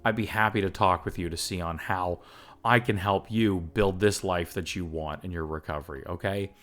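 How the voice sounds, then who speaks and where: A man's voice: low-pitched, steady tone, normal speed, fairly bright tone. A man hosting a solo recovery podcast, talking earnestly and with emotion in an upbeat, chatty way, with laughs and fillers. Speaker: recovery coach and podcast host.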